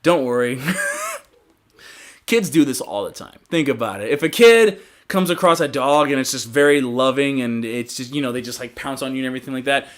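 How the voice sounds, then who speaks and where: A man's voice: medium pitch, lively intonation, normal speed. A young man hosting a casual livestream podcast, rambling loosely, swearing freely and laughing often. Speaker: podcast host.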